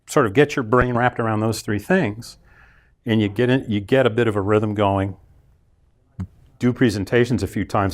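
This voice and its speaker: A man teaching a class on public speaking and voice warm-ups, acting out sounds with his voice as he explains. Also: lowish voice. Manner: animated, acts out sounds with his voice. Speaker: continuing education instructor.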